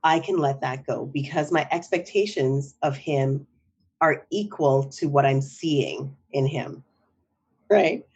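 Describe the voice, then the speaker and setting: A woman's voice: extremely low pitch, takes it slowly, a little mellow, husky, muffled recording. A middle-aged woman, a psychotherapist, talking in a podcast interview in a reflective way, often checking in with "right?". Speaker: psychotherapist guest.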